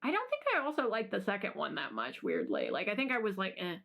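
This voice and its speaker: A woman's voice: medium pitch, huge pitch swings, quick pace, creaky, a bit bright. A young adult woman co-hosting a podcast in casual chat, rambling and self-deprecating. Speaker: podcast co-host.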